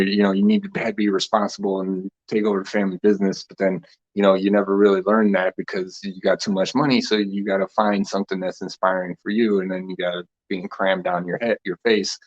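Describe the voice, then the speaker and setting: A man's voice: deep voice, fairly even intonation, fast talker. Rambling man in a dull lo-fi recording. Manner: loose and meandering, laughs often, trails off. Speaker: host of a spiritual talk session. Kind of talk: casual rambling spiritual chat.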